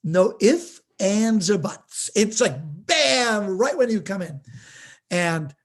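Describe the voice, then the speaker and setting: A man's voice: sits high, takes it slowly. A man, a rabbi, telling stories in a live-streamed art lesson, acting out quoted dialogue over a video-call mic. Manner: lively storyteller, acts out quoted dialogue.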